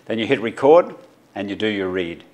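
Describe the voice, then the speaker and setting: A middle-aged man with an Australian accent teaches a journalism class in an unscripted tutorial. His voice sits on the low side, and he talks haltingly, full of fillers and restarts as he explains practical steps. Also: animated, a little mellow. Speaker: journalism lecturer.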